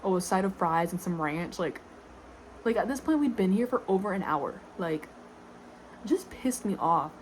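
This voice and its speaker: A woman's voice: medium pitch, lively intonation, moderate pace, rough recording. Young woman vlogger, irritated rant with lots of sighs and swearing, mid-range voice, slight noise behind. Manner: exasperated, swearing, constant "like" fillers, sighing. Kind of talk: casual rant to camera.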